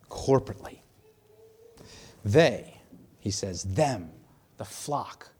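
A man preaching a sermon in a conversational, animated way, sometimes acting out the voices he quotes. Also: medium pitch, husky. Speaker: pastor.

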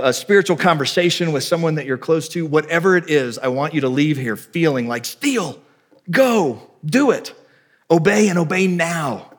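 A pastor, a man with a fairly high pitch, preaches a sermon built around a story. He animates it vividly, acting out dialogue and shifting between loud and hushed delivery.

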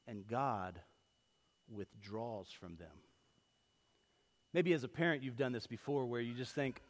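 A man preaching a sermon as pastor, telling everyday stories in a lively way that swings from loud to hushed. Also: medium pitch, a little slow, long pauses. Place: church sanctuary. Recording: long hall reverb.

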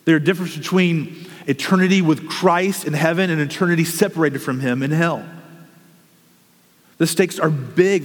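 A man's voice: on the high side, big-room sound. A man preaching a sermon as a pastor, earnest and urgent, telling vivid stories.

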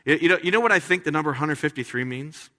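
Bright-voiced man preaching in a hall. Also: on the high side, fast. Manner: conversational, animated with playful asides. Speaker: pastor. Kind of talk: sermon.

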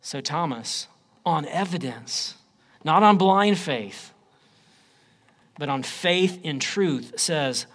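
A man preaching a sermon, swinging between loud declarations and low, quiet phrases. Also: lively intonation, slow pace, long pauses. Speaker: pastor.

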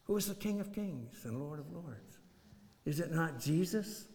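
A man's voice: a little high, animated, unhurried. A man preaching an expository sermon, reading scripture aloud and repeating phrases for emphasis. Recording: long hall reverb.

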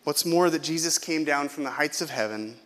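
A man's voice: a little high, fairly quick, a bit bright. A middle-aged male pastor from California preaching a sermon in a conversational, self-deprecating way, often asking the congregation questions.

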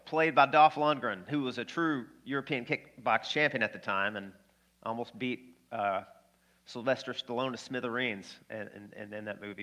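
A man preaching a sermon as pastor, energetic and conversational, often putting questions to the congregation. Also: mid-range voice.

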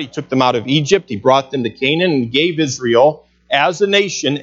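A man preaching a sermon, earnest and emphatic, slowing down to stress key phrases. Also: fairly high pitch, lo-fi sound. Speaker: pastor.

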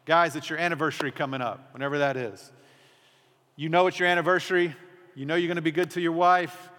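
Male pastor, slightly high voice, earnest sermon delivery, echoing sanctuary. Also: steady tone, quick pace. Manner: earnest, dramatic drops to a hushed voice. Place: church sanctuary. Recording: long hall reverb.

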